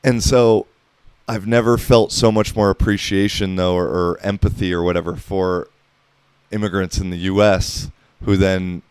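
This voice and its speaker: A man's voice: deep voice, fairly even intonation, moderate pace, darkish tone, clean tone, dry recording. An American man in his thirties hosting a podcast, rambling casually with lots of profanity and filler words. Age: 30s. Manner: laid-back, profane, heavy on filler words. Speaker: podcast host.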